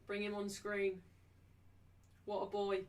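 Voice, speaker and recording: A woman hosting a live match watchalong, chatting casually and slipping into high baby talk with her dog. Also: completely flat delivery, slow, a little mellow. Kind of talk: casual live commentary and chat. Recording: voice a little distant from the mic.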